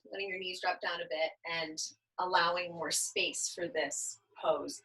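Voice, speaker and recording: A young woman teaching a baby yoga class, explaining gently and encouragingly with frequent "um" fillers. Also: lowish voice, creaky, low-quality recording. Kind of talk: instructional class narration.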